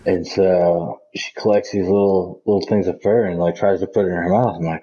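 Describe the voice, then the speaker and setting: A man's voice: sits low, fairly even intonation, a little fast, mellow, dull audio, a little hiss or hum. A man co-hosting a podcast, talking in a laid-back, casual way and swearing offhandedly. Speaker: podcast co-host. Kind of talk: casual chat.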